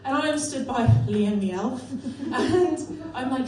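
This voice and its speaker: Young woman stand-up, high voice, dry self-mocking delivery; boomy club, mic at a distance. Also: slow pace, a little mellow, slight background noise. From North Devon, England. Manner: dry, self-deprecating, swears casually. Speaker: stand-up comedian. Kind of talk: stand-up comedy set. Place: comedy club. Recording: echoey club from afar.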